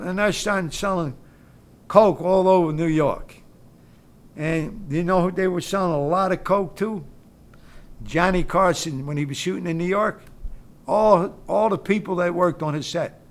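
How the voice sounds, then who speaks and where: Older man telling stories. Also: on the high side. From Philadelphia, US. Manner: animated, acts out quoted voices. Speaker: interview guest. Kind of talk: casual storytelling.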